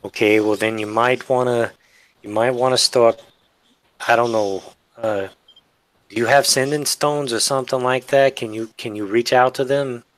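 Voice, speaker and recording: A man's voice: medium pitch, steady tone, normal speed, no echo. A man playing a tabletop game, chatting in a joking, loose way. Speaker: player. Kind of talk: casual chat in a tabletop game.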